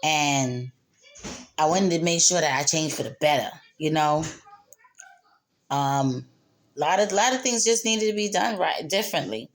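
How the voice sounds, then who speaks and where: A woman's voice: deep voice, measured pace, long pauses. Emotional woman sharing her faith story. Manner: emotional, repetitive, laughs through tears; spiritual, speaks of God and faith. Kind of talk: candid personal monologue.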